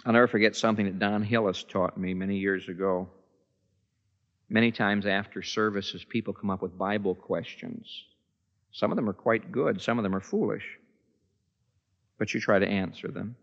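A man's voice: on the low side, steady tone, normal speed. A man preaching a sermon in a large church, emphatic and fond of repeating words for effect. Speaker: pastor. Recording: echoey church hall, dull lo-fi sound.

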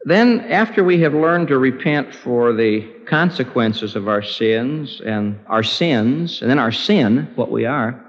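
A man preaching a sermon with impassioned, pleading delivery, his voice climbing high in prayer. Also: animated, a little slow. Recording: dull lo-fi recording with long hall reverb.

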